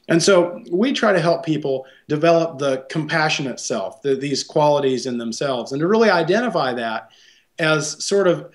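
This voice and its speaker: A man's voice: fairly high pitch, animated, normal speed. A man, a psychologist guest, explaining ideas thoughtfully in an interview and often checking in with a tag question.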